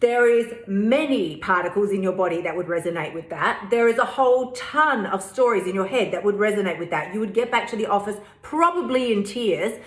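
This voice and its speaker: A woman hosts her own podcast solo, talking energetically in an animated, mid-range voice, brisk with few pauses, in a roomy echo. She's chatty and frank, using slang and swearing.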